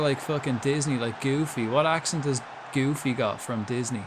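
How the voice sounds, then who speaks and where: Here a young Irish gaming streamer with a medium-pitched voice talks at a moderate pace over background noise. He chats casually while streaming a football management game, reacting to it aloud and swearing without restraint.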